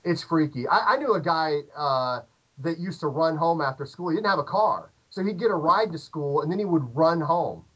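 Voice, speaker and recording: A middle-aged American man tells a rambling story full of fillers and restarts. His voice sits a little high for a man. The call audio is dull and lo-fi. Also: normal speed, slightly rough. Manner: rambling, animated anecdote with many fillers and restarts. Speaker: podcast guest. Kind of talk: casual storytelling. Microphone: remote call audio.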